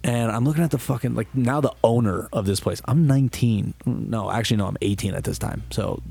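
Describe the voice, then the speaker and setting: A man's voice: mid-range voice, fairly quick, creaky, dark tone, husky. A young man co-hosting a podcast, telling a rambling, profane story in casual chat. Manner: profane, rambling storyteller who acts out quotes. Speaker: podcast co-host.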